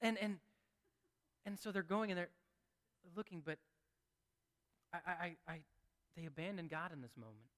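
A man preaching a sermon in a chatty, conversational way, with restarts and asides, swinging from hushed to excited. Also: sits high, moderate pace, long pauses. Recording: long hall reverb.

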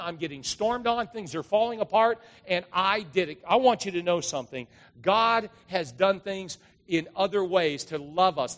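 A middle-aged male pastor preaching a sermon, telling stories and acting out the voices with drawn-out dramatic lines. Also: high-pitched. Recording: long hall reverb.

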